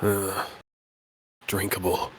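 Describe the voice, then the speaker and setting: A man putting on a gruff, curt tavern stranger. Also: completely flat delivery, extremely slow, a bit bright, no room sound, heavily acted. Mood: indifferent. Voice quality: low, rough voice. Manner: curt, mumbled answers. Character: gruff, weary male tavern customer, terse.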